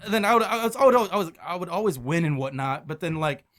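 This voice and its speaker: A man from Michigan, a podcast guest telling stories in casual chat, animated and quick to laugh, often restarting his sentences. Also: on the high side. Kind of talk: casual storytelling.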